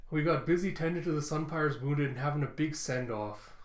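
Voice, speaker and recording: A man reviewing a manga chapter in casual, animated talk, reading dialogue aloud in quick character bits. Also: fairly high pitch. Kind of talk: casual reaction and read-aloud. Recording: roomy echo.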